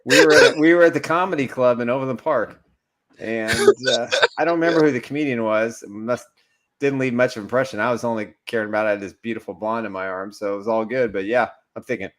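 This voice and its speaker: Middle-aged male panelist, even mid-pitch, easygoing storyteller. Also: fast. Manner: good-humored, reminiscing. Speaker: show founder and co-host. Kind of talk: live show banter. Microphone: video call.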